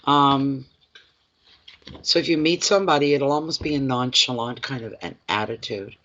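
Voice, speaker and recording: A man's voice: mid-range voice, normal speed, fairly bright tone, lo-fi sound. Man doing a live tarot reading. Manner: repeats phrases, speaks directly to viewers by name. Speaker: tarot reader.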